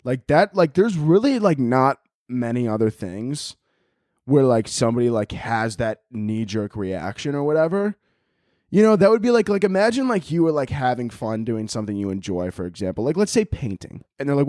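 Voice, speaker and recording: A man's voice: mid-range voice, expressive, moderate pace, a little mellow, no room sound, studio quality. Profane, rambling young man podcasting. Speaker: podcast host. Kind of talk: casual rambling chat.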